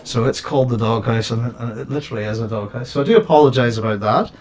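A man's voice: mid-range voice, lively intonation, quick pace, a little mellow, a little hiss or hum. Male host, casual, meandering chat from his home setup. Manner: rambling, many restarts and fillers.

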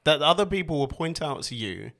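A man with a posh English accent, hosting a podcast in relaxed, chatty conversation. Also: fairly high pitch, brisk, creaky. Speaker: podcast host.

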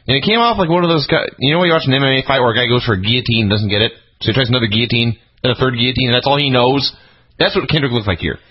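A man talks fast in casual podcast banter, with dry, sarcastic remarks. His voice has a husky edge and a mid pitch. The lo-fi recording sounds dull. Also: expressive. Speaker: podcast co-host reviewing wrestling TV. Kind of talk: casual comedic review chat.

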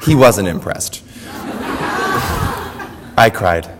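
A man's voice: fairly low pitch, expressive, drawn-out words, noisy background. A man performing a personal monologue on stage in short, clipped phrases. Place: university event hall. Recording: long hall reverb.

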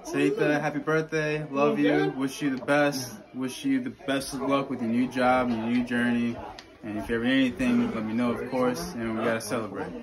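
A man's voice: mid-range voice, little pitch movement, fairly quick. A man giving an upbeat birthday toast. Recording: crowd chatter behind.

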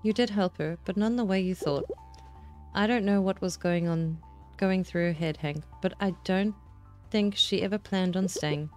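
A woman voicing a gentle mother bear in a video game, speaking in a soothing, motherly way. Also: medium pitch, normal speed, lightly acted. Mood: consoling. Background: game music.

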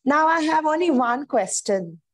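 A woman with a high voice adds a point to the discussion and then asks a thoughtful question. She speaks at an even pace. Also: measured pace. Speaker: participant asking a question.

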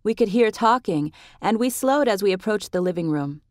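A woman narrating a novel in the first person, in a measured, expressive way. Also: medium pitch, no room sound, studio quality. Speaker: audiobook narrator.

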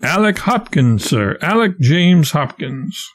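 A man reading the part of a frightened young stowaway who pleads and spins quick tales. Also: a little high, sing-song, full character voice. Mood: pleading. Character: scared young stowaway boy, quick with a lie.

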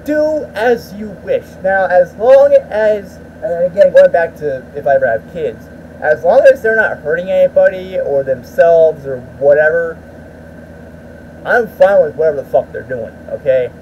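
A man rants to his viewers in a loose, rambling way, swearing freely and stumbling over his starts. His voice is high and swings up and down a lot, with faint noise behind him. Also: expressive, measured pace, dull audio. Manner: rambling, profane, with repeated restarts. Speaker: YouTuber. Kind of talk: ranting vlog talk.

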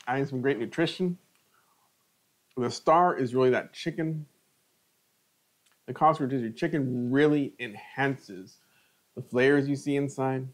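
Chatty man tasting his cooking. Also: mid-range voice. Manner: chatty, savoring food between remarks. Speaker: cooking channel host. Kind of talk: live cooking stream taste test.

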